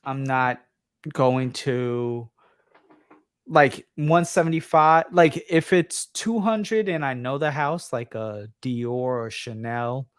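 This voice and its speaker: A man's voice: medium pitch, slow pace, clean tone. Tired New York man hosting a livestream; rambling, filler-heavy casual chat. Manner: rambling, many fillers and restarts. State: tired, late at night. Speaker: livestream host.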